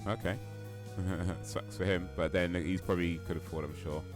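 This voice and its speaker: A man's voice: sits low, fairly even intonation, normal speed, over music. A man streaming a game, chatting casually and rambling as he answers questions from chat.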